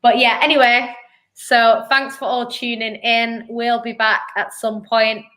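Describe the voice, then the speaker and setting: Woman, bright and crisp tone, chatty, argues her point, football fan stream. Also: fairly high pitch, flat delivery, a little slow. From Manchester, England. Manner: chatty, argumentative, lots of "do you know what I mean". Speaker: co-host of a football fan show. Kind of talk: casual live-stream football chat.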